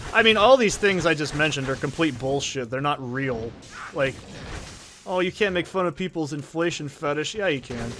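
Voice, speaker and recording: A man's voice: medium pitch, a bit bright, a little hiss or hum. A man hosting a game let's play, chatting casually in a rambling, profane, joking way. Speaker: gaming channel host.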